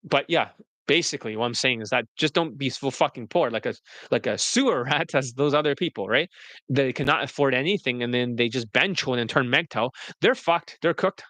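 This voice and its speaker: A man coaching on dating, talking bluntly and directly on a livestream and slipping into a polished sales-pitch delivery. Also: fairly quick, sharp tone, no room sound. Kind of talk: livestream talk mixing sales pitch and casual chat.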